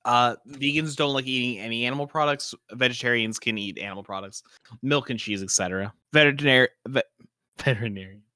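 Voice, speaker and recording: A man joking in casual chat with friends, quick and playful. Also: mid-range voice, pushed and bright, no echo.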